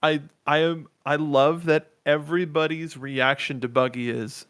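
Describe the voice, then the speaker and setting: A man co-hosting a podcast, joking in relaxed casual chat. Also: fairly high pitch, a little slow, clear, resonant tone, no room sound, studio quality. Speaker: podcast co-host.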